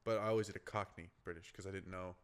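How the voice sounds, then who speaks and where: Podcast host dude, lowish voice, chatty, laughs a lot. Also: male voice, steady tone, fast, clean tone. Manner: chatty, laughs often, tries out accents. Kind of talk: casual podcast chat.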